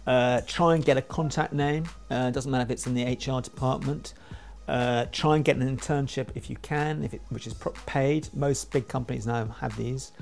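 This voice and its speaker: A man who works in publishing gives brisk, casual advice, with frequent "uh" fillers. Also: mid-range voice, steady tone, vocal fry, faint music behind. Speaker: publishing professional giving tips.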